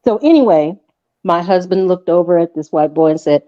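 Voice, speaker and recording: A woman panel guest telling a lively anecdote in casual chat. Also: fairly low pitch, fairly quick, dry recording. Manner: lively, laughing storyteller. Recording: dull dry lo-fi sound.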